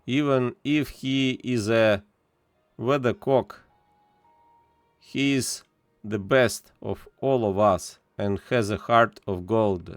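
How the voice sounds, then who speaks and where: A man's voice: mid-range voice, takes it slowly, no echo, faint music behind, natural voice. A man reading the lines of a shepherd who coaxes and soothes, with a sly edge. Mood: coaxing. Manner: coaxing.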